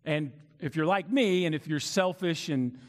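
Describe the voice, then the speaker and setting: A man's voice: on the high side, moderate pace. A man in his forties giving a casual, storytelling sermon to a live audience, with plenty of fillers and asides to the crowd. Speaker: preacher. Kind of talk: conversational sermon. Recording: long reverb of a large hall.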